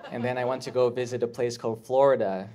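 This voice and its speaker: A man doing a stand-up comedy set, talking in an awkward, halting way with restarts and jumping up into shrill voices when he quotes people. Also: fairly even intonation. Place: comedy club stage with live audience. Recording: clear live audience laughter.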